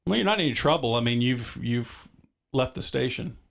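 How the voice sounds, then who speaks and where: A male stream host with a gravelly, mid-pitched voice. He keeps an easygoing, calm manner while he steers the conversation. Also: fairly quick. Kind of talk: casual stream chat.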